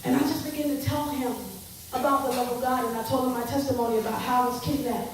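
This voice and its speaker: A woman telling her testimony to an audience, expressive and repeating her words as she acts out what people said. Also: high-pitched, fast. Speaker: speaker giving testimony. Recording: echoey room from far off with noise.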